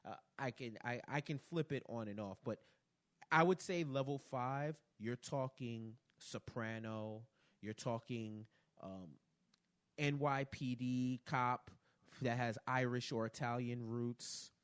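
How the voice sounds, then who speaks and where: A young man with a New York accent hosts a relaxed podcast conversation. He tells stories in an animated way and laughs often. He acts out the people in his anecdotes as he goes. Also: medium pitch, takes it slowly, clean tone. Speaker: podcast host. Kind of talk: casual chat.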